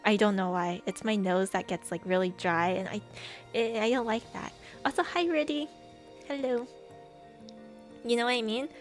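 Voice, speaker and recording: A woman's voice: on the high side, moderate pace, pauses often, soft background music. A young woman streamer in casual chat with viewers, rambling, laughing often and reading chat aloud.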